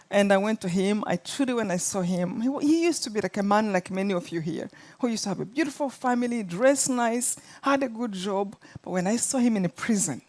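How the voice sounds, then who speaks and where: A woman's voice: mid-range voice, expressive, a little fast, few pauses, a little mellow. A middle-aged woman from Rwanda with a Rwandan accent, earnestly retelling her life story as a guest and acting out the quotes. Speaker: guest speaker. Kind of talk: storytelling in an interview.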